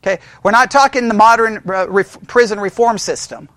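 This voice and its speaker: A male pastor preaches a conversational sermon, quizzing his listeners with questions and frequently correcting himself and restarting sentences. His voice is high-pitched and fairly bright, his pace fairly quick, and there's no room sound.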